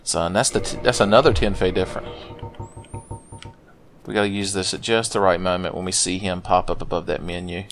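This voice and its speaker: A man's voice: deep voice, expressive, fairly quick, faint music behind. A man giving crude, joking let's-play commentary while gaming, slipping into silly voices for game characters. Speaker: gameplay commentator.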